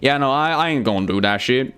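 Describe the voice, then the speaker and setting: Lively, profane young male streamer. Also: medium pitch, fast talker, smooth. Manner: profane, joking, reads chat aloud. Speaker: game streamer. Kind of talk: casual live-stream chat.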